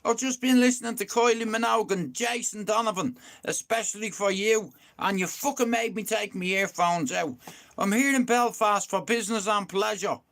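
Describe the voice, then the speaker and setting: A man's voice: high-pitched, moderate pace, a bit bright. A young man, telling a rambling story to viewers on a live stream, swearing freely and saying "you know what I mean" again and again. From Ireland.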